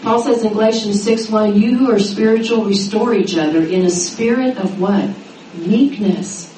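A middle-aged woman teaching a sermon to a women's gathering, acting out the quoted voices with lively pitch. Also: normal speed. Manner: animated, dramatizing quotes with rising pitch. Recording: roomy echo, mic at a distance, faint noise.

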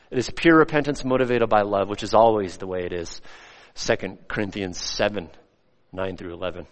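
A male pastor preaching a sermon, swinging between loud, rising emphasis and soft, hushed lines. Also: fairly low pitch, a little fast. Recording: long hall reverb.

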